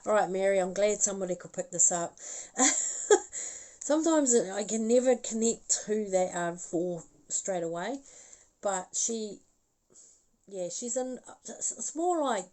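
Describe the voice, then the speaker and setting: A woman's voice: medium pitch, lively intonation, slow pace, mellow, low-quality recording. A woman doing a live psychic reading as a medium. She talks in a chatty, rambling way, laughs often and keeps apologizing.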